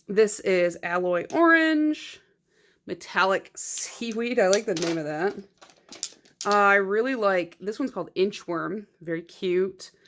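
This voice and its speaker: A woman's voice: mid-range voice, a bit bright, a little hiss or hum. A woman in a casual vlog, chatting through her nail polish collection in a rambling, filler-heavy way. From United States.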